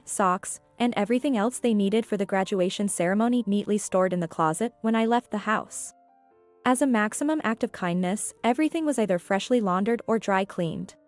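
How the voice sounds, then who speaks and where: A woman narrating a scripted first-person story in a calm, measured way. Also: medium pitch, no room sound. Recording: dry with faint music.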